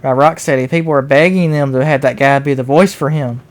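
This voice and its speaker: A relaxed speaker chatting with a friend while they play a game, dropping short, offhand comments. The voice sits at an ordinary middle pitch and has an easygoing rhythm. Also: fairly quick. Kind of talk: casual chat while playing a game.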